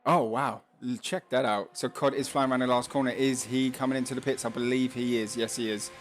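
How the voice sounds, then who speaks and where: A man's voice: medium pitch, fairly even intonation, fairly quick, a little hiss or hum. A man hosting a live esports racing stream in a chatty, casual way, often laughing and reading chat messages aloud. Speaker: stream host.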